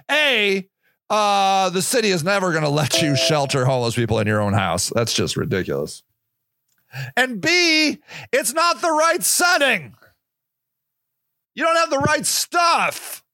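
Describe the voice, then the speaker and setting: A man delivers a heated activist monologue for his podcast, firing off shouted rhetorical questions. His voice sits high and sounds bright and tense. The recording is close and dry. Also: sing-song, measured pace, no echo. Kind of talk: impassioned monologue.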